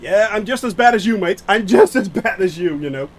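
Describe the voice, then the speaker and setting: High, lively man streaming a flight sim. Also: poor audio. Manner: rambling, self-mocking, answers chat aloud; halting, many fillers and restarts. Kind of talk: live-stream chat while playing.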